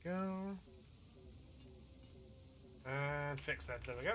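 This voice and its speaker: A man casually chatting while streaming a game, excitable, rambling and swearing freely. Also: fairly high pitch, extremely slow, noisy background. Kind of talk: casual gaming stream chat.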